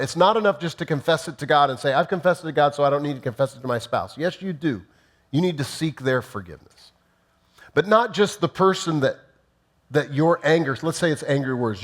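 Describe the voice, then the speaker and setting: A man preaching a sermon, teaching in numbered points and briefly acting out sample apologies. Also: fairly high pitch. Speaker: pastor.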